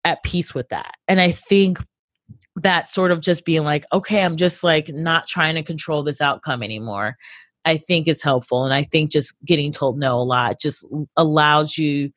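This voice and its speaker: Woman comedian rambling in an interview, kinda low voice, dead dry sound, tons of "like". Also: normal speed, no echo. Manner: rambling, filler-heavy, animated quoting. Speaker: comedian guest. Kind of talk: casual interview chat.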